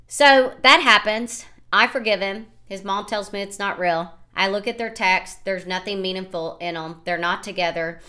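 A woman in her thirties from the United States, hosting a podcast and telling a personal story in an animated, rambling way, often quoting what others said. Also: mid-range voice. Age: 30s. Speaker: podcast host. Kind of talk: casual storytelling monologue.

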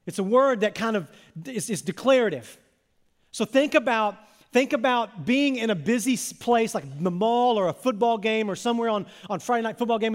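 A high-pitched male pastor delivers a sermon in a church, talking conversationally and repeating phrases for emphasis. He often sinks into a soft, low delivery. A long reverb tail hangs after his words. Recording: long reverb of a large hall.

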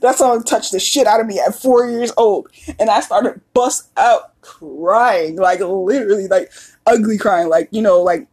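Woman podcast host, thirties, husky breathy voice, casual profane chatter. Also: mid-range voice, a little mellow. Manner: candid, profane, laughing often. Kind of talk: casual monologue.

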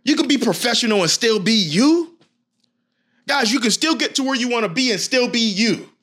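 A man's voice: extremely high pitch, expressive, moderate pace, bright, forceful tone. A man giving a passionate motivational talk straight to his viewers, gritty and emphatic. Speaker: motivational speaker.

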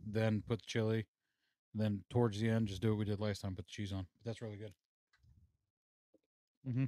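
Laid-back swearing podcast host, low voice. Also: male voice, flat delivery, normal speed, dark tone, no room sound, clean studio sound. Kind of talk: casual chat. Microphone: studio mic.

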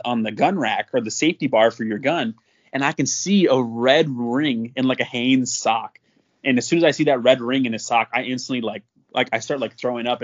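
Brief: young man, casual storyteller, mid-pitched, laughing often, muffled lo-fi audio. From North Dakota. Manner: animated, laughs often while telling. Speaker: podcast guest.

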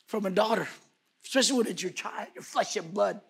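A man preaching a sermon, impassioned, swinging between shouted bursts and hushed whispers. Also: sits high, a little fast, creaky, husky.

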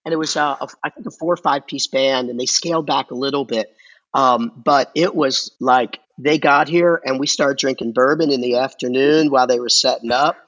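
A man who owns a record store, talking casually and haltingly, with many restarts and fillers. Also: medium pitch, a bit bright, highs cut off. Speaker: record store owner, podcast guest. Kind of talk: casual conversation.

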